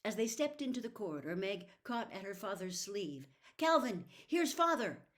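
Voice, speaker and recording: A woman narrating a novel aloud in an expressive storytelling manner. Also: medium pitch, moderate pace. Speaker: reader. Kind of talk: audiobook narration.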